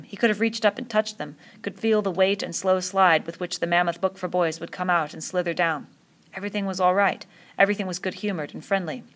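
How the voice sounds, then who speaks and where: A woman reads a novel aloud in a steady storytelling voice. Her tone sits low, and a gravelly creak runs through it. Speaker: reader.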